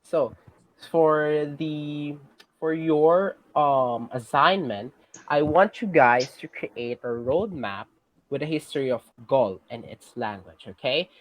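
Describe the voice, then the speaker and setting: Slow-talking teacher, filipino accent, keeps asking okay?, lots of ums. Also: medium pitch, dry recording, low-quality recording. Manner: patient, checks in with "okay?" often; hesitant, many fillers and restarts. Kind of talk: online class lesson.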